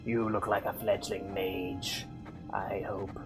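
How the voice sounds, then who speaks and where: A man's voice: low voice, flat delivery, takes it slowly, music in the background, rough recording. A man reading as a grim undead mage trainer.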